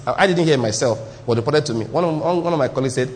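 Man, sermon, lively storyteller, slightly high pitch. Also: racing, few pauses. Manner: animated, repetitive, laughing storyteller.

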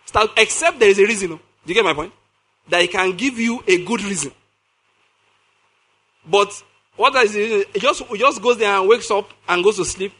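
A man delivers a sermon in a high, bright voice that carries an edge of tension. He reads scripture slowly and deliberately. He turns often to his listeners with questions. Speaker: preacher.

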